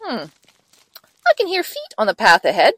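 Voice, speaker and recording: A woman voicing a big, hungry storybook monster in a lowered, drawn-out voice. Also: wildly swooping pitch, a bit bright, breathy edge, exaggerated voice. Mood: menacing.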